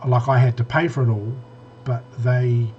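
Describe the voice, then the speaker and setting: A man's voice: medium pitch, flat delivery, moderate pace, warm tone, highs cut off, a little hiss or hum. A man co-hosting a casual tech podcast, rambling with many restarts and fillers. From New Zealand. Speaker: podcast co-host.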